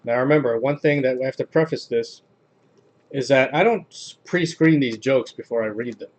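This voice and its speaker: A man reads jokes off a page for a casual home video, his delivery flat and deadpan. His pitch sits in an ordinary middle register, and he talks at an easy, unhurried pace. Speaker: host reading jokes on video. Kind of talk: casual joke reading.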